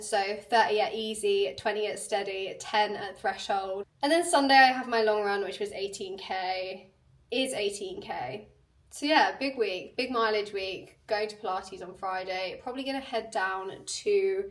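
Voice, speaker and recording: A woman's voice: mid-range voice, recorded from a distance. A young woman vlogging casually at home, chatty and self-mocking, with a stuffy voice from a cold. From United Kingdom. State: nasal from a cold. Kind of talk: casual vlog chat. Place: home bedroom. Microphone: handheld camera.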